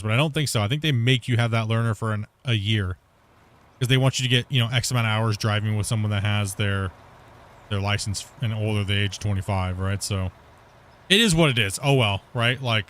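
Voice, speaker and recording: A man's voice: on the low side, a bit bright. A man from Canada streaming a game and chatting casually, rambling with many fillers and restarts. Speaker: streamer host. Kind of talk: casual chat while gaming.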